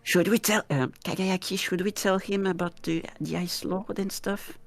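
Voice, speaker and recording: A woman's voice: mid-range voice, steady tone, normal speed, no room sound. A woman playing a tabletop game, talking hesitantly with many fillers. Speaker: player. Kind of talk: tabletop role-play.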